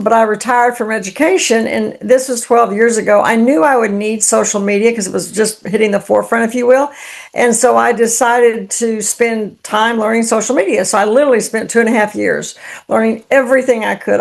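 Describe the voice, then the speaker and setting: Gravelly-voiced woman, chatty guest. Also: fairly high pitch, a little fast. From United States. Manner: enthusiastic, conversational, uses "if you will". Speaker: guest, LinkedIn strategist. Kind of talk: casual interview.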